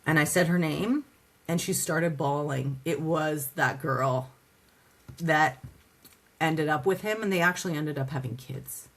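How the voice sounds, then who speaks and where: A woman's voice: low voice, unhurried. A woman from Canada, a podcast guest and advocate, telling her story casually, acting out conversations with many "like" fillers. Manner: lively storyteller who acts out dialogue, many "like" fillers.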